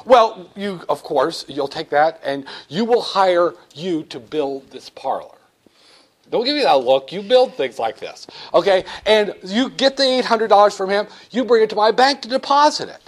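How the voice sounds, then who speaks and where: A man's voice: high-pitched, lively intonation, moderate pace. A man giving a classroom economics lecture, joking and acting out little dialogues with students.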